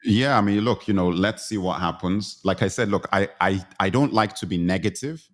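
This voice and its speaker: A middle-aged man hosts a live online discussion in a very deep voice. He speaks earnestly and emphatically, repeating key phrases to drive his point home. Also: moderate pace. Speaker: livestream host. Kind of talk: livestream panel discussion.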